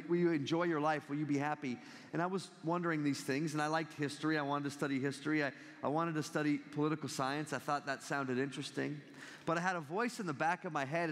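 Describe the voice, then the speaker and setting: Man, 30s, lively storyteller, higher voice, long hall reverb. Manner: animated, jokey storyteller acting out quotes. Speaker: guest speaker. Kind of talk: campus talk with storytelling. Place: large hall.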